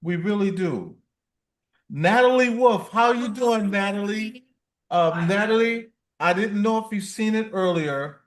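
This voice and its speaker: A man's voice: high voice, unhurried. A man hosting a casual livestream, playful and reading viewer comments aloud. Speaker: livestream host.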